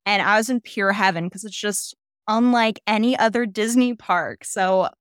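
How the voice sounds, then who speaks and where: A woman's voice: mid-range voice, moderate pace, clean tone, no room sound, studio quality. A woman who is a podcast guest, chatting casually in a bubbly, gushing way.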